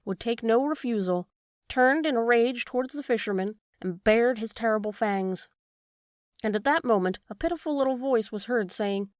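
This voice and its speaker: Audiobook narrator: woman, calm measured storytelling, mid pitch, dry. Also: no echo. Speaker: storybook reader. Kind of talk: scripted narration of a fairy tale.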